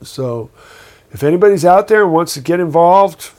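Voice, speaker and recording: A man's voice: high-pitched, animated, normal speed, dark tone. A man co-hosting a casual podcast chat, joking around and telling jokes. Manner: joking, tells jokes with quoted voices. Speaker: podcast co-host.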